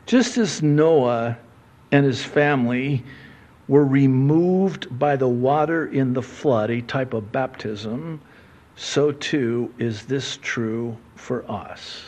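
A man, a pastor, preaching a conversational sermon that swings from soft, low asides to loud, emphatic questions. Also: slow pace.

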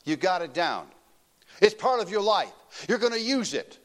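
A man's voice: high-pitched, big pitch swings, moderate pace, a bit bright. An older man preaching a teaching sermon, emphatic and folksy, repeating his key points to the congregation.

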